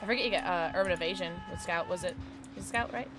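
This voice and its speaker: A woman streamer chatting casually during a gameplay livestream, reacting loudly and reading chat aloud. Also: on the low side, fast talker, loud music behind the voice. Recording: steady background noise.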